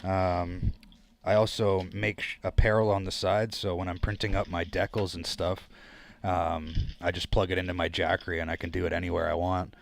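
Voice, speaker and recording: Chatty Canadian man, lowish voice. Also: level tone, moderate pace, creaky. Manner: rambling, chatty, talks to chat. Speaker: livestream host. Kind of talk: casual livestream chat.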